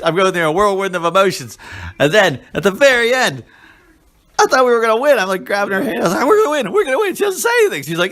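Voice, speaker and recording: A fairly high-voiced man from around Pittsburgh chatting on a fantasy football podcast. He tells his stories with animated energy and acts out his own outbursts at the game. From Pittsburgh area. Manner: animated storytelling, reenacting his own shouts with big jumps in pitch. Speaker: podcast co-host.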